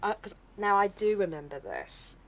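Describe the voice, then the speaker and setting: A woman's voice: mid-range voice, sing-song, moderate pace, gravelly, fairly bright tone, low-quality recording. A woman who works as a medium, talking as a podcast guest in a chatty storytelling way. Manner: chatty storytelling, repeats phrases. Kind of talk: casual conversation.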